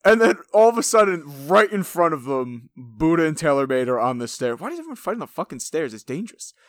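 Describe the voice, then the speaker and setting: A man's voice: on the high side, big pitch swings, fairly quick, no room sound, clean studio sound. A young man from New Jersey co-hosting a podcast, talking loosely and cursing as he recaps a reality show. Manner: loose, profane, drifts into voices when quoting people. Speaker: podcast co-host.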